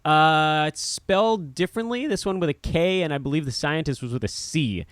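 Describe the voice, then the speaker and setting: A man co-hosting a casual sports chat, animated and joking at his own expense. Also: fairly high pitch, normal speed, no room sound, clean studio sound. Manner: animated, joking, self-mocking. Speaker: co-host.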